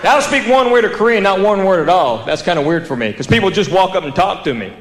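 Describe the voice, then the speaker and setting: A man's voice: high voice, expressive, quick pace. A man with a Southern American accent doing a stand-up comedy routine, telling drawling stories and laughing at his own punchlines. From United States. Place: theater stage before a live audience. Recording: roomy theater with audience laughter and background noise.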